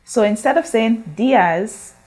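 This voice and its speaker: Slow, patient woman teaching a lesson. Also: medium pitch, lively intonation. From Guyana. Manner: slow, drawn-out modeling of words for repetition; patient, instructive, asks questions to the class. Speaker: Spanish teacher. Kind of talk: recorded classroom lesson.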